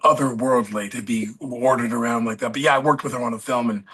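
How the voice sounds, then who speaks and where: A man as a podcast guest, telling rambling anecdotes and pausing to search for names mid-story. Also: medium pitch, fairly even intonation, a bit bright, husky.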